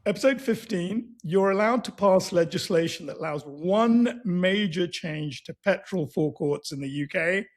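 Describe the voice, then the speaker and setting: A man with a high, slightly husky voice co-hosts a casual podcast chat. He speeds up and gets excitable when he recounts favourite moments. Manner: quick, excitable, laughs while recounting. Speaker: podcast co-host.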